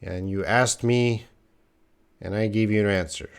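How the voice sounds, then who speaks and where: A man's voice: fairly low pitch, fairly even intonation, measured pace, clean tone. A man teaching a live English lesson, chatting with viewers and answering their questions with playful teasing.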